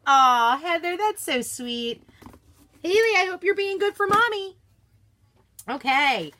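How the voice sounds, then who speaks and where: A woman's voice: sits high, expressive, a little slow, long pauses, pushed and bright. A woman hosting a live craft unboxing stream, bubbly and gushing, greeting viewers by name in casual chat from her desk at home.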